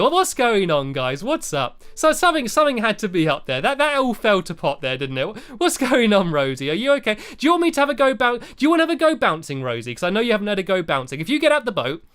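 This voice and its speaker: A man hosting his game channel with let's-play commentary. He talks fast and hesitantly, scattering "uh" between words, then gets loud and cheering when the round starts. His voice sits high and swings widely in pitch, with a smooth, clean tone. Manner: hesitant, full of "uh" fillers, turns excitable and cheering during play.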